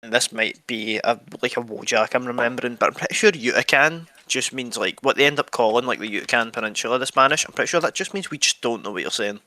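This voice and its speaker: A man's voice: medium pitch, quick pace, hardly any pauses, sharp tone, dry recording. A man co-hosting a history podcast, reading passages aloud and adding dry jokes. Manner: reads passages then jokes dryly. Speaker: podcast co-host.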